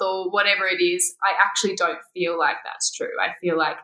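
A woman's voice: mid-range voice, fairly quick, hardly any pauses, bright, forceful tone, reverberant. A woman, a guest talking candidly in a casual interview and laughing often. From Australia. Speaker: guest, former pageant winner.

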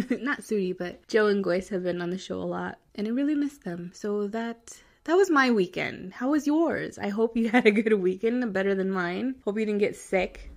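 A woman's voice: medium pitch, animated, moderate pace, darkish tone. Stuffy-nosed young woman, chatty host. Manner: chatty, laughs often, mixes in Spanish words. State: stuffy nose from a sinus infection. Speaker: podcast host. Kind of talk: casual chat.

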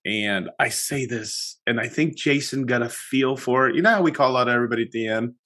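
Brief: male podcast host, mid-pitched, relaxed chat, animated storyteller. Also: fairly quick. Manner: animated storytelling, chatty with many restarts. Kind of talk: casual chat.

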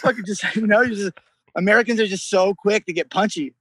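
Brash, swearing male guest, bright and high. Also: brisk, no echo, rough recording. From San Jose, California. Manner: brash, swears constantly, animated storyteller. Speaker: musician guest. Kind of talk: casual chat.

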